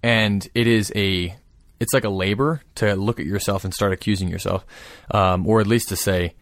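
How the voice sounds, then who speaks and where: A man calmly explaining a prayer practice in casual conversation. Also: lowish voice, moderate pace, no room sound, studio quality. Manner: thoughtful, explanatory, steady.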